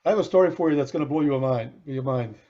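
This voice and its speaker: On a dull, lo-fi podcast recording, a middle-aged male co-host talks fast in a mid-range voice. He casually spins a long anecdote, voicing its characters with animation and frequently restarting his sentences.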